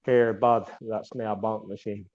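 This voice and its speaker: A man's voice: fairly low pitch, fairly even intonation, moderate pace, a little mellow, pitched below the performer's own voice, natural voice. A man putting on a heavy Northern Scottish accent to voice a blunt, matter-of-fact local, over dull lo-fi remote audio. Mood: mock gruff. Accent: Northern Scottish, put on. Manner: heavy exaggerated accent, repeats himself.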